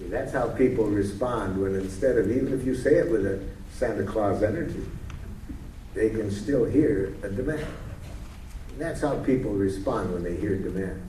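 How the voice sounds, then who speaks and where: A man's voice: fairly low pitch, mellow. A man leading a communication workshop, teaching through role-play and playful storytelling. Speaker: workshop leader. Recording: roomy hall, distant mic, faint hiss.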